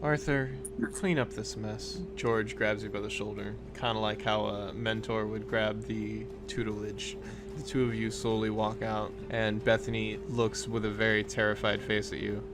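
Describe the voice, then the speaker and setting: A man narrating a tabletop game as game master, in quick, offhand narration. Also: on the low side, monotone, music in the background.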